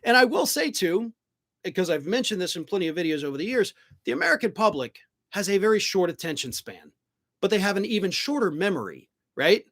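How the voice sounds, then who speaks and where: A man's voice: sits high, expressive, brisk, a bit bright. A middle-aged man hosting a live political stream, reading viewer comments and answering them bluntly, swearing when he gets worked up.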